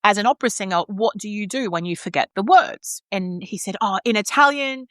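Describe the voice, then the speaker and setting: A woman, an opera singer telling lively stories and acting out what others said, with bursts of laughter. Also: mid-range voice, fairly quick, dry recording. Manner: animated storyteller who acts out quotes and laughs often. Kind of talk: casual chat.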